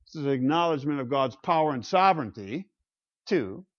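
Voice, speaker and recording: A man giving a classroom lecture on the Psalms, emphatic and animated, with rhetorical questions and chuckles. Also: medium pitch, brisk, muffled recording. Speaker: Bible lecturer.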